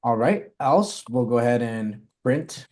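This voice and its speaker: A man's voice: medium pitch, lively intonation, a little slow, darkish tone. A man teaching a live coding lesson, talking through his code step by step and correcting himself as he goes. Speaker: coding instructor.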